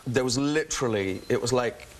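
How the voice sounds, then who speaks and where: Fast-talking English man, chatty. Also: mid-range voice. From England. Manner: quick, chatty, many restarts and laughs. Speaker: guest actor. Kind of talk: casual talk show interview.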